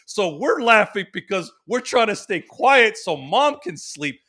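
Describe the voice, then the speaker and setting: Bright-voiced man telling a funny story. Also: high voice, measured pace, few pauses. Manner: animated, laughing storyteller with many restarts. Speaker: podcast host. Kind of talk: casual storytelling. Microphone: remote stream microphone.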